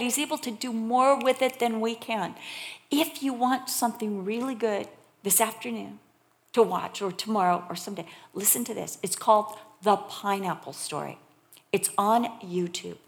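Middle-aged woman, preacher, sermon, animated storytelling, loud emphasis, hushed whispers. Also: medium pitch, vocal fry.

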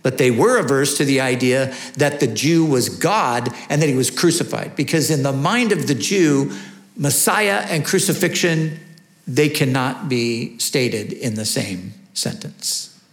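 A man's voice: medium pitch, expressive, a little slow. A man preaching a sermon, teaching earnestly and asking rhetorical questions. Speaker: pastor. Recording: echoey room.

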